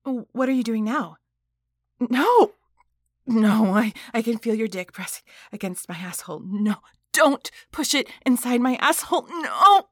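A woman's voice: a little high, animated, normal speed, dry recording, clean studio sound. A woman voicing a proud, defiant female boss and mother in an adult audio role-play, talking breathily and dropping into whispers. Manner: breathy, moaning, sudden whispers.

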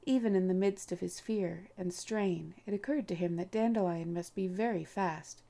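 A woman reading a novel aloud as an audiobook narrator, in a measured, unhurried storytelling manner. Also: fairly low pitch, vocal fry, dark tone. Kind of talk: scripted narration.

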